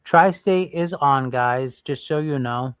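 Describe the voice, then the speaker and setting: A man's voice: mid-range voice, slow, smooth, dry recording. A man hosting a casual livestream, rambling and thinking aloud while browsing and chatting with viewers. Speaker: livestream host.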